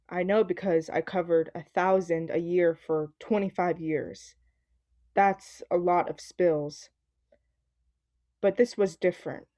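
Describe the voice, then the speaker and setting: A woman playing a veteran spill responder who speaks in a measured, grave way. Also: fairly low pitch, warm tone.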